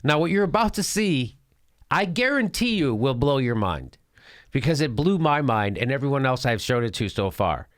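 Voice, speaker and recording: A man's voice: medium pitch, normal speed, no echo, studio quality. A middle-aged man hosting a show, chatting jokily and laughing as he comments on a video. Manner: jokey, animated, laughs often. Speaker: host. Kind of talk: casual comedic commentary.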